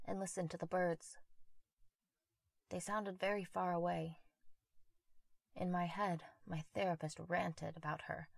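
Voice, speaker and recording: Low-voiced woman narrating a horror story. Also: vocal fry, slightly rough, no room sound.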